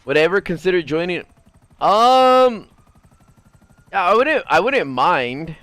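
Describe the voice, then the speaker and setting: A man streaming a video game, chatting casually with his viewers in a low, mumbly voice and swearing now and then. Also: sing-song, slow pace, a bit bright, dry recording. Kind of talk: casual gaming stream chat.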